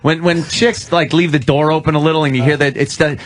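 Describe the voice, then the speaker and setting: A man's voice: on the high side, fairly even intonation, brisk, no room sound. Crude joking male radio host. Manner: crude, joking, laughs often. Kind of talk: casual radio banter. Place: radio studio.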